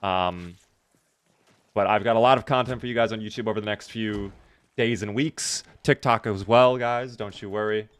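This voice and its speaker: A man's voice: fairly low pitch, fairly even intonation, moderate pace, clean tone. A man streaming a game live, chatting casually with viewers in a joking way and swearing freely. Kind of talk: casual live gameplay chat.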